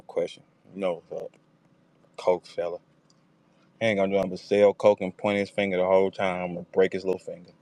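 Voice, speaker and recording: A man hosting a casual battle rap talk space, profane and animated, slipping into mocking voices when he quotes people. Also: sits low. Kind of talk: casual chat. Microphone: online audio room.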